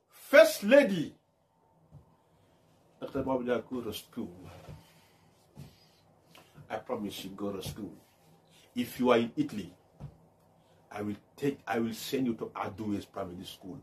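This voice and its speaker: A young man ranting in a monologue. He swings from loud shouts down to hushed muttering and switches languages as he goes. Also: medium pitch. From Gambia. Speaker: online commentator.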